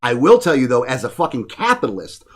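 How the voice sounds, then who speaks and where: A man's voice: mid-range voice, huge pitch swings, fast, a bit bright. A man speaking as a podcast guest in a studio, ranting bluntly in casual talk full of profanity. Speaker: guest, political activist.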